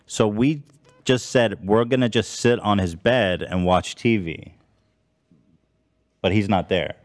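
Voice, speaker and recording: A man's voice: lowish voice, slow, dry recording. A man in his thirties hosting a casual chat, telling an awkward story with laughs and quoted voices. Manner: laughs often, animated retelling with put-on quotes. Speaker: podcast host.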